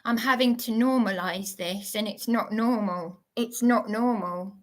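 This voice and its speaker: A woman's voice: fairly high pitch, measured pace. A woman live streaming, shaken and indignant, stumbling over her words as she talks. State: shaky, worked up. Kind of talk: agitated live-stream monologue.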